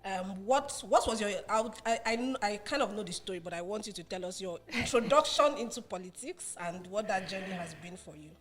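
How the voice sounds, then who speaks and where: Woman, young adult, from Nigeria, podcast host, mid pitch, laughing, restarts her sentences. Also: lively intonation, brisk, few pauses. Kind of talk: podcast interview.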